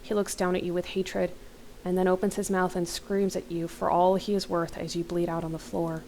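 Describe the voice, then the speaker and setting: A woman's voice: on the low side, level tone, normal speed, warm tone, slight background noise, rough recording. A young woman hosting a let's play, reading an interactive horror novel aloud into a desk mic, breaking her dramatic reading with startled gasps and comments. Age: young adult.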